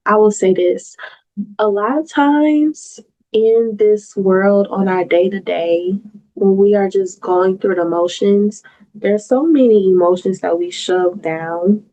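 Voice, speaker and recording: A woman's voice: mid-range voice, warm tone, poor audio. A woman hosting her own solo podcast, talking in an earnest, reflective way and repeating phrases for emphasis. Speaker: astrologer podcast host. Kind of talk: personal solo podcast monologue. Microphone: talking into a mic on camera.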